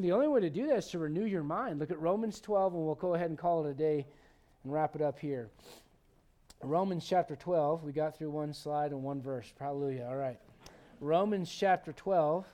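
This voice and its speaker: A male pastor preaching a sermon, animated and conversational, with frequent restarts. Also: a little high.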